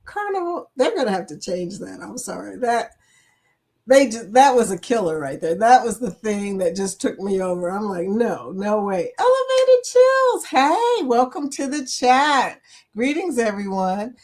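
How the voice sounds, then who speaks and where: A woman's voice: medium pitch, lively intonation, moderate pace, mellow. An older woman hosting a casual livestream chat, greeting viewers by name and laughing often.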